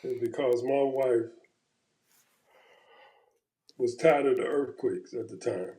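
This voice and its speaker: A man's voice: mid-range voice, slow, mellow. A man chatting casually in a laid-back, reflective way. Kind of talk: casual chat. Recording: echoey room.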